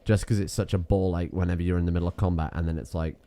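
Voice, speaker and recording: Male co-host, casual sweary gaming banter, deep and dark-toned. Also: fairly even intonation, very fast. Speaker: co-host reading viewer comments.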